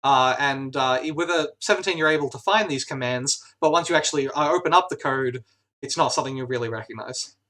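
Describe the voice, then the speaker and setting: A man's voice: medium pitch, brisk, pushed and bright. A man running a tabletop role-playing game as game master, narrating scenes with frequent "uh" fillers and restarts. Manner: hesitant, many "uh" fillers.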